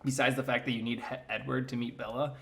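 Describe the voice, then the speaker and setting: A man's voice: medium pitch, level tone, fast, gravelly. A young man giving a sarcastic comedic movie recap in a casual, rambling way, full of fillers and mocking impressions of the characters. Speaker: comedy commentator.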